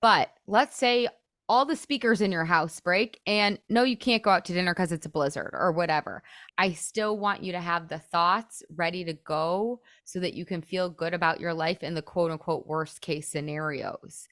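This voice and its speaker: A woman in her thirties coaching on a podcast, her voice sitting a little low and recorded close and dry with no room sound. she talks casually and fast, scatters "like" everywhere and acts out the thoughts in her own head. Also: fairly bright tone, no echo. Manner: chatty, peppered with "like", acts out inner thoughts. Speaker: weight loss coach and podcast host.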